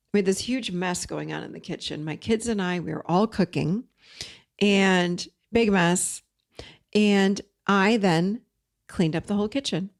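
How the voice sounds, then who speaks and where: A middle-aged woman, a therapist and life coach, giving an encouraging, conversational motivational talk straight to her viewers. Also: mid-range voice. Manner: warm encouraging, conversational, addresses viewers as you guys.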